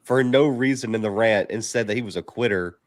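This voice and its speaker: Low-voiced male podcast guest, fired up and ranting, dry close sound. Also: a little fast, no echo. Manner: animated, ranting. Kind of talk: casual sports banter.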